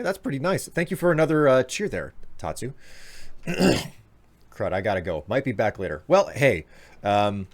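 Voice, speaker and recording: Chatty congested man streaming a game. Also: lowish voice. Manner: chatty, talks straight to his chat, self-mocking. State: congested from allergies. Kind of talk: live gameplay commentary.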